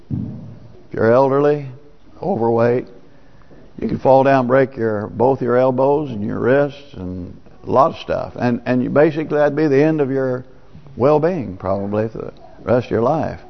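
A man's voice: medium pitch, gravelly. A man, a pastor, preaching a sermon in a plain, folksy, conversational way. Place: church sanctuary. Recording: dull lo-fi church recording with long reverb.

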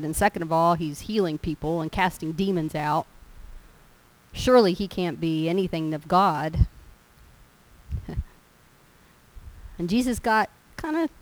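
A woman's voice: lowish voice, unhurried, pauses often, low-quality recording. A woman preaching a sermon in a folksy, storytelling way. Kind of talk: sermon with personal stories.

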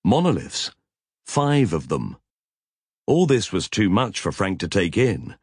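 A man narrating an audiobook in a measured, expressive reading. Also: deep voice, breathy edge, dry recording, studio quality. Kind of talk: scripted narration.

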